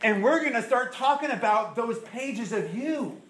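A man's voice: extremely high pitch, animated, measured pace, a bit bright, pitched above the performer's own voice, full character voice. A man voicing the Lord as an eager, affectionate figure who is keen to start digging, in an echoey room.

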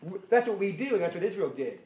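A man preaching a sermon, animated and firing rhetorical questions at his listeners. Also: high-pitched, quick pace. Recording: echoey room.

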